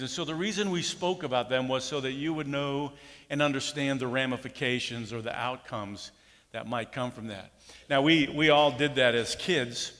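A man's voice: mid-range voice, normal speed, fairly bright tone, big-room sound. A middle-aged man preaching a sermon in a folksy way, telling personal stories and acting out quotes. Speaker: pastor.

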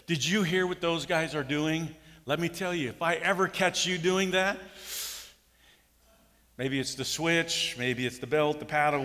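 A man's voice: medium pitch, bright, forceful tone, long reverb tail. A middle-aged man preaching a sermon in a folksy way, telling personal stories and acting out quotes. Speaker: pastor.

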